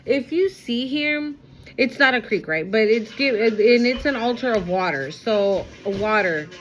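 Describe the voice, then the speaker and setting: A woman's voice: a little high, expressive, unhurried, dull audio, a little hiss or hum. A woman giving a heartfelt intuitive card reading, speaking straight to her viewers and slipping into Spanish now and then. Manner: earnest, emotional, addresses viewer directly; switches into Spanish at times. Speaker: spiritual card reader.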